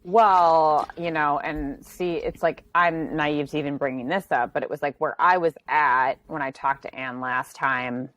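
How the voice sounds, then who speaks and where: Low-voiced woman thinking aloud. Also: steady tone, measured pace, hardly any pauses, fairly bright tone, no room sound, dull audio. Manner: thinks aloud, with restarts and swearing. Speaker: podcast host. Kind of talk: casual chat.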